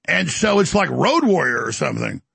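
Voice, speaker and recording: A man's voice: a little high, very animated, moderate pace, gravelly, a bit bright, slightly rough, dry recording. A man hosting a talk show, delivering a heated, boastful political rant and breaking into mocking voices. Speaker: commentary show host.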